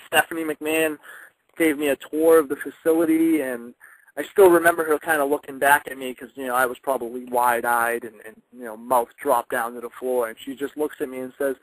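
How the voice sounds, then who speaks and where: A young man, a wrestler guest on a radio show, telling stories in a casual, animated way and laughing now and then. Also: medium pitch, brisk, dry recording, rough recording. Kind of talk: casual radio interview storytelling.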